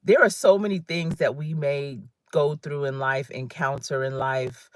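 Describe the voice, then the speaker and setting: A woman's voice: extremely low pitch, steady tone, a little slow. A middle-aged woman with a New Jersey accent, a career coach chatting casually on a livestream, laughing often as she reads viewer comments.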